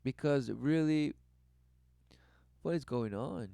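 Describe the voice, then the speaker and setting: A man giving religious commentary over clips, repeating rhetorical questions and swinging between loud bursts and low mutters. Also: takes it slowly, vocal fry, no room sound. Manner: repetitive rhetorical, keeps asking "who knew". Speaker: online commentator.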